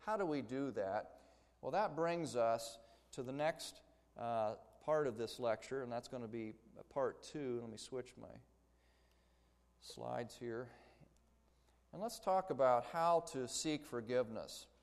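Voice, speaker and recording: A man in a middle-range voice teaches a Bible lesson in a relaxed, conversational way, using small stories to make his points. His words carry a long reverb, as in a large hall. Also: mid-range voice, a little slow, clear, resonant tone. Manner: conversational, explains with story examples. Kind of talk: church lecture.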